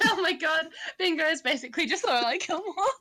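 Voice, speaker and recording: Bright voiced lady playing a tabletop game, giggly and chatty. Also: very high voice, animated, a little fast. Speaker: player.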